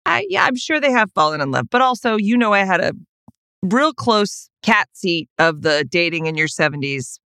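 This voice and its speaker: Bright, lively woman podcast co-host. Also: fairly low pitch, moderate pace, no echo, clean studio sound. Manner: playful, jokey, animated reactions. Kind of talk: casual chat.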